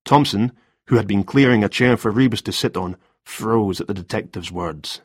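A low, husky male narrator reads a crime novel aloud for an audiobook at a moderate pace. The recording is dry, with clean studio sound.

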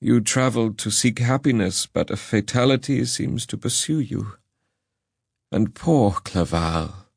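A man voicing a grieving, kindly older father with a gentle, mournful manner in an audiobook reading. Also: lowish voice, expressive, unhurried, creaky, slightly rough, no room sound, clean studio sound, pitched above the performer's own voice, heavily acted.

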